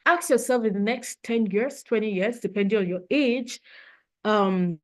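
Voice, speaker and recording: Woman trainer, middle pitch, earnest and heartfelt, presses her points with repetition in a motivational session. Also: measured pace. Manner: earnest, emotional, repeats points for emphasis. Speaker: leadership trainer.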